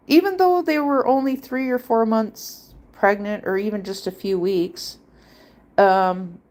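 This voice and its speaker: Speaking in a medium-pitched, slightly mellow voice, a woman hosts a livestream with a casual personal monologue. She rambles, stresses and repeats her points, and acts out quoted voices along the way.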